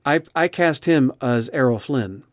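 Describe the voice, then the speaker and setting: A man's voice: medium pitch, expressive, measured pace, no echo, clean studio sound. A man who narrates audiobooks, chatting expressively in an interview with frequent restarts. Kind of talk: casual interview chat.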